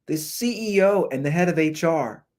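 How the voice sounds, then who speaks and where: A man hosting a podcast, giving animated, jokey commentary on viral videos through a computer's built-in microphone. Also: a little high, normal speed. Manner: animated, jokey, talks over clips. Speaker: podcast host. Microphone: computer's built-in mic.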